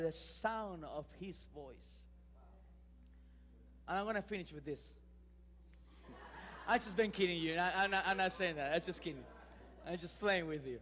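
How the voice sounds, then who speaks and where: A male pastor, preaching a lively sermon full of restarts and emphatic rises. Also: high voice, long reverb tail. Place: church sanctuary.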